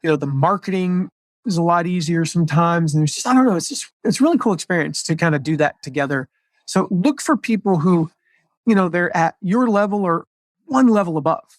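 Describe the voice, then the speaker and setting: A man's voice: high-pitched, lively intonation, a little fast, no room sound, clean studio sound. A man hosting a casual business chat, upbeat and chatty with lots of fillers. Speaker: podcast host, marketing coach.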